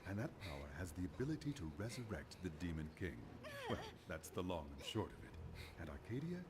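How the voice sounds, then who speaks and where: An actor playing a soft-spoken scheming male demon chief, talking in a calm, hushed, almost whispery way. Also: low-pitched, a little fast, noisy background. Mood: gloating.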